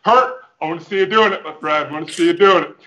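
A man's voice: on the high side, quick pace, bright, forceful tone, muffled recording. A man playing a hammy fitness-coach preacher. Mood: goofy coaching. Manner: hammy, playful, over-the-top motivational patter. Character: goofy overconfident male fitness coach and preacher. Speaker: fitness guest. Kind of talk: comic character interview over video call. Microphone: headphones with mic.

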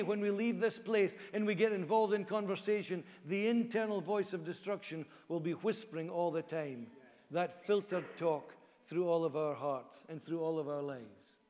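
A man's voice: high voice, darkish tone, big-room sound. A male pastor preaching a sermon in an earnest way, repeating key phrases for emphasis. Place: church hall.

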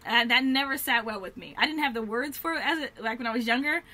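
Bright-voiced woman in a heartfelt vlog. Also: on the high side, fast. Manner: earnest, heartfelt, rambling with many fillers. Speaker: vlogger. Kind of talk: candid faith-based vlog talk.

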